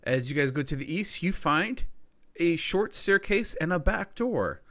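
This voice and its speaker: A man narrating a tabletop game as game master, relaxed with fillers and quick asides. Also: a little high.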